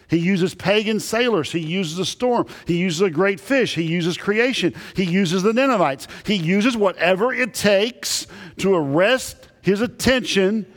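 A male pastor preaches with emphatic, dramatic pauses and drops his voice low for the key lines. His voice sits a little high for a man. A long reverb trails after every phrase, as in a big church sanctuary. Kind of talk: sermon. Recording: long reverb in large hall.

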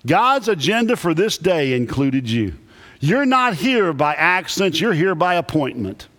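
A man who is a Baptist pastor, preaching a sermon with emphatic, animated delivery and lots of repetition. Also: a little high, measured pace. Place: church sanctuary. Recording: echoey church hall.

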